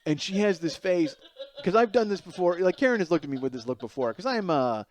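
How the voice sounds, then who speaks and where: A man in his forties hosts a podcast alone and tells a comic story, animated and self-mocking with plenty of swearing. He talks a little fast, swinging from loud outbursts to low mutters.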